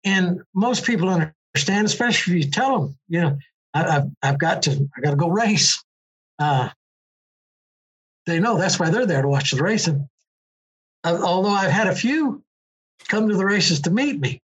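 A man's voice: high voice, animated, moderate pace, pauses often, fairly bright tone, slightly rough. An older man, a former motorcycle racer telling stories in a rambling, casual way. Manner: rambling storyteller, many restarts and fillers. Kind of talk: casual conversation. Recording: dull lo-fi recording.

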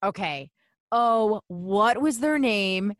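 A woman co-hosting a podcast in casual chat, playful and quick to laugh. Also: mid-range voice, animated, dry recording, studio quality. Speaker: podcast co-host.

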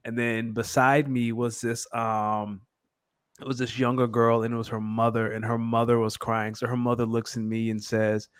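A man's voice: mid-range voice, little pitch movement, normal speed, clean tone, no room sound, clean studio sound. A young adult man co-hosting a casual sports podcast, telling a story earnestly and laughing easily. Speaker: podcast co-host.

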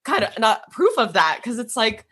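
A woman's voice: a little high, big pitch swings, moderate pace, fairly bright tone, husky. A woman in casual chat, emotional and effusive as she praises her guest.

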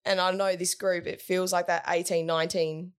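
A woman's voice: lowish voice, flat delivery, moderate pace, smooth. A woman, a team captain, chatting casually in an interview in an upbeat way, with plenty of "like" and "yeah" fillers.

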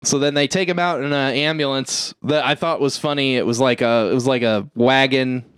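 A man's voice: medium pitch, steady tone, a little fast, a bit bright, clear, resonant tone, no room sound. A man co-hosting a podcast, recapping a film in casual chat. He rambles, swears and jokes. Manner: rambling, profane, jokey storytelling. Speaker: podcast co-host.

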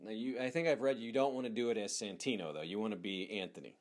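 A man's voice: lowish voice, fast talker. A man hosting an interview, asking long rambling questions with many restarts and fan-like enthusiasm. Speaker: podcast host. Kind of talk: casual interview chat.

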